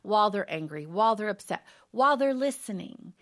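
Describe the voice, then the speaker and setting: A woman counselor, a guest on a talk show, explaining things in a measured way. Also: mid-range voice, expressive, fairly bright tone. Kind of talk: conversational interview.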